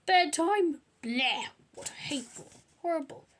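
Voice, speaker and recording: A woman voicing a bratty schoolboy who yells and jeers at his brother. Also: sits high, lively intonation, a little slow, a little hiss or hum, pitched above the performer's own voice. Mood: jeering. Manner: yelling, jeering.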